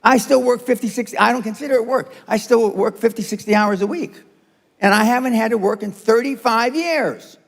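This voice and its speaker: A man's voice: very high voice, fairly quick, vocal fry, big-room sound. An older man giving a blunt, profane and confrontational seminar speech to a live audience. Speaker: motivational speaker. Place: seminar room.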